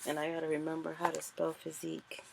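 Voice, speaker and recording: Low, gravelly-voiced woman talking casually. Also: monotone, fast, a little mellow, a little hiss or hum. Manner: chatty, thinking aloud, self-correcting. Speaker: author and vlogger. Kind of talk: casual screen-recorded tutorial.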